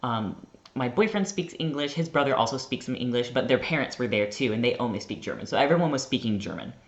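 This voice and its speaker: Brief: young American man, mid-pitched, casual rambling vlogger, muffled lo-fi recording. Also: animated, quick pace. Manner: chatty, rambling, heavy use of "like". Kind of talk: casual storytelling vlog.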